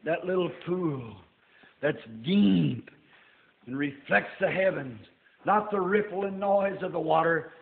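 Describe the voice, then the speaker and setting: Preacher with a folksy drawl, high-pitched. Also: male voice, a little slow, vocal fry. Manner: folksy preaching, rising to shouts. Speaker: pastor. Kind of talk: sermon. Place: church. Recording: tinny roomy old sermon tape.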